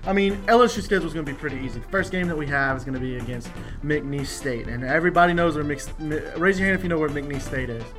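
A young man from Louisiana with a Cajun accent, chatting on a podcast in a fairly high voice. He jokes, laughs easily and talks with animation, with music playing under the chat. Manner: animated, joking, quick to laugh. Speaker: podcast co-host, law student. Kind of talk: casual chat.

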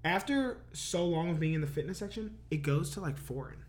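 Lively blunt man in casual chat. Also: fairly high pitch, brisk, a little hiss or hum. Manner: blunt and argumentative, swears freely.

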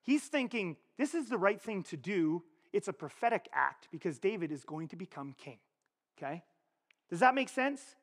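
Male pastor, pitched high, chatty sermon delivery with long hall reverb. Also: moderate pace. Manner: animated, conversational preaching with frequent rhetorical questions. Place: church.

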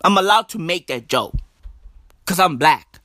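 A man rambles through a profane comic monologue after just waking up, sprinkling bruv into every line. He talks slowly, and the sound is dry and close to the mic. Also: high voice, animated, pushed and bright, dry recording. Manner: loose, profane, says bruv a lot. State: just woke up, yawning. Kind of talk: stand-up style monologue.

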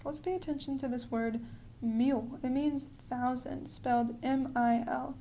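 High mellow-voiced woman teaching pronunciation, friendly, slows down to model words, faint hiss behind. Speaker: language teacher. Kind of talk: podcast pronunciation lesson.

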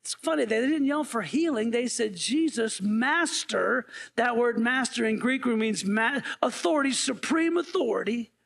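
A man's voice: very high voice, expressive, moderate pace, gravelly, few pauses, fairly bright tone. A male interim pastor preaching a sermon in a conversational way, often asking the congregation playful questions.

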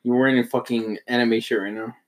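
A young man joking with friends in casual chat, deadpan and crude. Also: medium pitch, fast talker.

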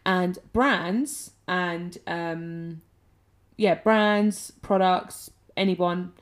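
A woman's voice: on the low side, very slow. Chatty woman podcast host. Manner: lively, chatty, laughs through her stories. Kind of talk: casual chat, animated storytelling.

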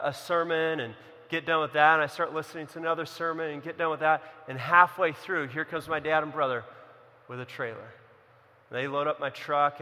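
A young man preaching in a large hall, with a fairly high, bright voice and long reverb trailing behind it. He tells a personal story, pushing some lines out loud and dropping others to a hush. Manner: storytelling, swings from loud emphasis to hushed. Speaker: pastor. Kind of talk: sermon.

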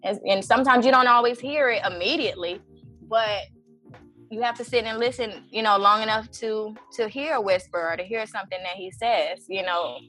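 A woman in her thirties, an event organizer and guest, shares a personal story in casual conversation, animatedly acting out her own prayers and saying "you know" a lot. Her voice is medium-pitched.

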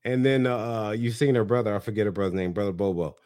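A man's voice: on the low side, fast talker, darkish tone. A male podcast co-host recapping in casual chat, laughing and acting out quotes. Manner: laughing storyteller, acts out quotes.

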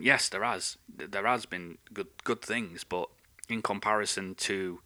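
Podcast host, low voice with a sharp, forceful edge, swears a lot, rambles through an animated rant. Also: male voice, normal speed. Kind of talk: ranting monologue.

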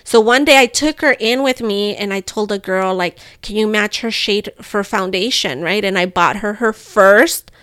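A young woman, telling a story on a podcast in an animated, profane way and slipping into phrases. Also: mid-range voice, normal speed, clear, resonant tone, no room sound, studio quality. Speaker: podcast co-host. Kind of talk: casual storytelling chat.

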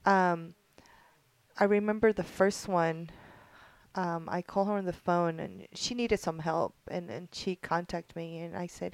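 A middle-aged woman with a fairly low voice tells a story in an earnest, heartfelt way, pausing often with ums and restarting her sentences. The recording is dry, with no room sound. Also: fairly even intonation, creaky, no room sound. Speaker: organizer of a military spouse program. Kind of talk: casual conversational storytelling.

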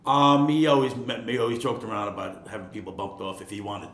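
A man's voice: flat delivery, brisk, fairly bright tone. Rambling older New man. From Queens, New York. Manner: rambling, repeats words, laughs often. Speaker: guest, retired ironworker. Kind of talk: casual storytelling. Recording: echoey room, faint rumble.

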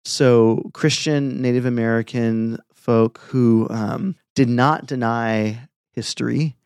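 A middle-aged man, a pastor, chatting and telling stories in an earnest, relaxed way. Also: medium pitch, slow, clear, resonant tone, no room sound, clean studio sound. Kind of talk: casual podcast chat.

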